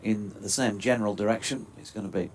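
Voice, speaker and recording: A man giving relaxed, chatty live cricket commentary with dry quips. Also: on the low side, quick pace, slight background noise.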